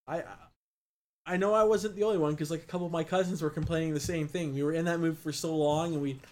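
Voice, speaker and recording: A man's voice: on the high side, fairly even intonation, fast talker, darkish tone. A young man in casual chat, blunt and profane, talking with emphatic enthusiasm.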